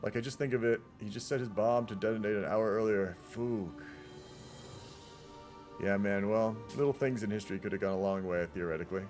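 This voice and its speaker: A man's voice: fairly low pitch, quick pace, few pauses, a little mellow, soft background music. Laid-back man rambling over a strategy game. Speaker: streamer casting a multiplayer strategy game. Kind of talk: casual live game commentary.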